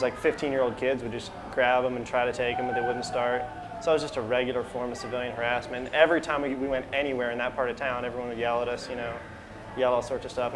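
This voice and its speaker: Casting: matter-of-fact man in a casual interview, quick and monotone, noisy location recording. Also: medium pitch. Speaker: moped club member.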